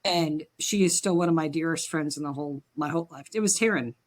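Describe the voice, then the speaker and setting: Lowish woman voice, jokey and emphatic, chatting about her teen years. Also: fast. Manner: animated, jokey, emphatic storyteller. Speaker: podcast co-host. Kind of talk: casual storytelling chat.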